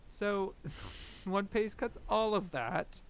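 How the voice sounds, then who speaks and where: A man's voice: sits high, animated, slow, smooth. A young man streaming casual commentary, rambling and laughing as he talks through scenes. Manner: rambling, laughs often, briefly mimics characters. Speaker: streamer comparing anime episodes.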